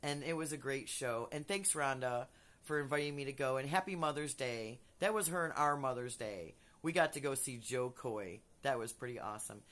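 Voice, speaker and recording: A woman vlogger telling a story to camera in a casual, animated way, swearing freely and swooping up and down in pitch. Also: moderate pace.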